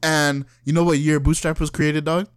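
A man's voice: fairly high pitch, moderate pace, smooth, no room sound. Young guy telling a work story, slangy and cussing a lot, keeps cracking up laughing, dry close mic. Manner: animated, laughs often, breaks into cackles mid-sentence; slangy and heavily profane, acts out quoted people. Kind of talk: casual chat.

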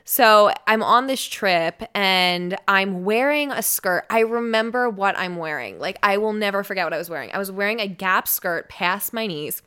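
An American woman in her twenties, a radio personality guesting on a podcast, chats through a personal story packed with "like" and "um." Her mid-range voice has lively intonation and a moderate pace with few pauses, and her tone is pushed and bright, clear and resonant.

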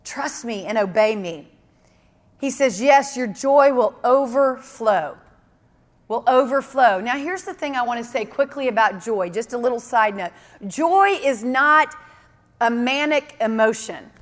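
Woman preacher, high voice, earnest and emphatic, repeats for stress, reverberant hall sound. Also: unhurried. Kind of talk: sermon.

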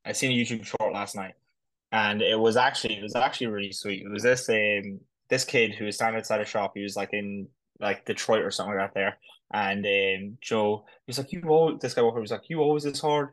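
Fast-talking man chatting on a podcast. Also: lowish voice, fairly even intonation, fairly bright tone, poor audio. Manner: rambling, fillers like "like" and "sort of stuff". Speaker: podcast co-host. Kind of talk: casual chat.

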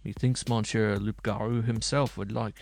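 A man's voice: on the low side, steady tone, normal speed, gravelly, a little mellow, faint music behind. A man voicing a boastful, hungry bearded male minstrel who talks in old-fashioned, mocking speech. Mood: grumbling.

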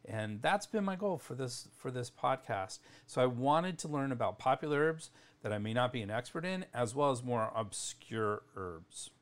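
A man's voice: mid-range voice, expressive, normal speed. A middle-aged man hosting a solo educational podcast, talking casually and correcting himself as he goes. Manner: casual, chatty, self-correcting. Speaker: podcast host.

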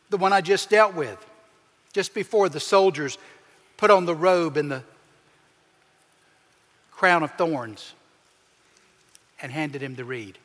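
A man preaching a sermon as pastor, with emphatic swings in pitch and loudness as he acts out the people he quotes. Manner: preaching with emphatic shifts, acting out quoted voices. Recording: long hall reverb.

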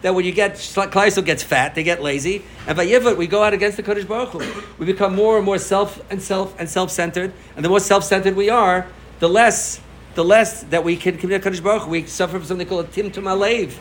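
A man, a rabbi, giving an informal sermon to his congregation, telling stories with loud emphasis and soft asides. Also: high-pitched, quick pace, slight background noise, low-quality recording. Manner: animated storytelling, swings between loud emphasis and soft asides. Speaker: rabbi giving a farbrengen talk.

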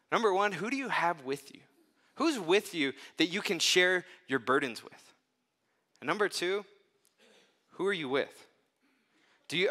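A male pastor delivering a sermon in a relaxed, conversational manner, slipping into lively storytelling and casual asides. His voice is bright and forceful, set a little higher than most men's.

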